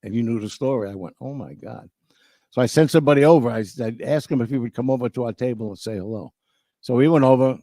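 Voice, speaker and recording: A man's voice: medium pitch, rapid-fire, dark tone, dry recording, studio quality. An older man telling a profane story and acting out both sides of the conversation. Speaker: storytelling guest. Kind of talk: casual storytelling.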